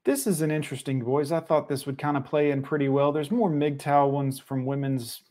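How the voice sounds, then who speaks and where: Profane streamer man, blunt and higher. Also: level tone, normal speed, dark tone. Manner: blunt, profane, reacting to a clip. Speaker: live stream host. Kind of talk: casual live stream commentary.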